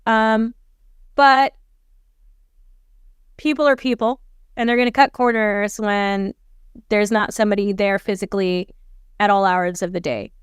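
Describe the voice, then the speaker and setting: A woman guest in a casual business interview, earnest and emphatic, often checking in with a quick question. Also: mid-range voice, fairly even intonation, clear, resonant tone, dry recording, clean studio sound. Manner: earnest, stresses points and checks in with a "right?". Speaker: guest, gym manager.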